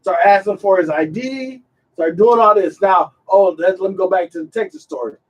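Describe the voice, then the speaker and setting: A man hosting a podcast, retelling a story in a casual, animated way, acting out the quotes and often repeating himself. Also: high-pitched, normal speed, distant mic, highs cut off. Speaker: podcast host.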